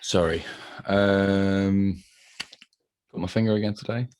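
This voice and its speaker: British man, deep voice, electrician, dry wry remarks, casual podcast chat. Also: fairly even intonation, slow, darkish tone, a little hiss or hum. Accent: British English.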